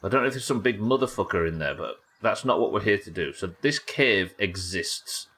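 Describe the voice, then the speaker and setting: Wry low-voiced English man streaming. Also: expressive, brisk, pushed and bright, breathy edge. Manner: wry, sweary, chatting to viewers while playing. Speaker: game streamer. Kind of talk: casual live gameplay commentary.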